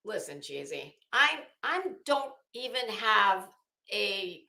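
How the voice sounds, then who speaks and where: Woman on a live stream reading chat names, chatty and cursing, bright voice, roomy echo. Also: mid-range voice, big pitch swings, slow, creaky. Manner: chatty, swears freely, greets viewers by name.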